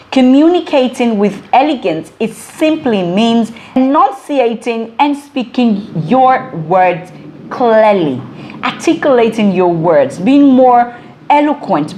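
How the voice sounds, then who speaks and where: A woman's voice: medium pitch, darkish tone. A woman in her forties, a former broadcaster, giving communication advice straight to camera with emphatic, repeated phrasing. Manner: emphatic, list-like repetition of phrases. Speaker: vlogger and communication coach. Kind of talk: direct-to-camera advice talk.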